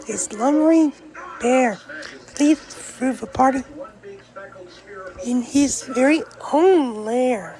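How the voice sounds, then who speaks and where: A woman reading a picture book aloud in a slow, rhythmic, sing-song way. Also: high-pitched, darkish tone, low-quality recording. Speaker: storyteller.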